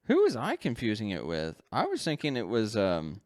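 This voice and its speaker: A man's voice: on the low side, huge pitch swings, moderate pace, no echo, studio quality. Rambling man chatting on a podcast. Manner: rambling, self-correcting, laughs often. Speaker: podcast co-host. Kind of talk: casual chat.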